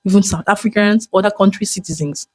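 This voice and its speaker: A vlogger from Nigeria speaks with a Nigerian accent in a mid-range voice. The delivery is dramatic and expressive in an emotional personal monologue. The sound is dry, with no room echo. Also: medium pitch, quick pace.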